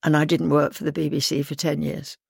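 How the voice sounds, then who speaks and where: Older London actress, gravelly, dry close sound, lively raconteur. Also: female voice, low-pitched, a little fast, no room sound. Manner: lively anecdotal, acts out quoted voices. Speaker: actress guest. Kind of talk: interview storytelling.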